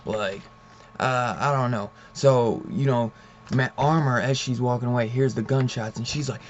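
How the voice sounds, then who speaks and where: A man's voice: medium pitch, moderate pace, slight background noise. Swearing laid-back guy ranting about comics. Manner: loose and profane, heavy use of "like", "man" and "dude"; retells scenes in a loose storytelling way. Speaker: comic book reviewer. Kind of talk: casual comic book review rant. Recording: slightly dull, muffled audio.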